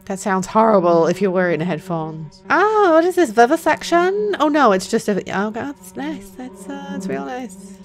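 A woman's voice: fairly high pitch, sing-song, normal speed, few pauses. A woman giving foul-mouthed, joking commentary while playing a horror game. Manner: profane, jumpy and joking. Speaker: let's play gamer.

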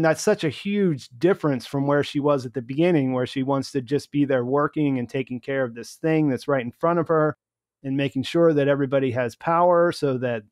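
A man's voice: on the high side, darkish tone, dry recording, studio quality. A man hosting a casual discussion, rambling, with many restarts and fillers. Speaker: host.

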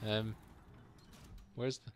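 A man's voice: lowish voice, flat delivery, drawn-out words. A young man casually commentating a let's play, playfully echoing game lines and yelping at enemies. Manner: playful, mimics game voices and exclaims. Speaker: streamer.

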